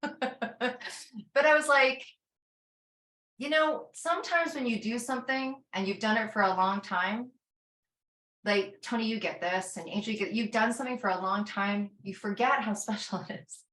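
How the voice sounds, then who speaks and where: A woman telling a rambling, animated story in casual talk, acting out her own inner voice. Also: a little high, normal speed, pauses often, echoey room. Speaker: summit organizer speaking to a panel.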